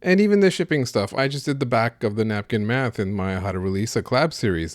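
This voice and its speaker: A man's voice: medium pitch, darkish tone, no room sound. Male podcast host, Canadian accent, casual analytical talk; resonant voice, dead-dry close mic. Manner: conversational, analytical, mildly exasperated. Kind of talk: casual solo commentary.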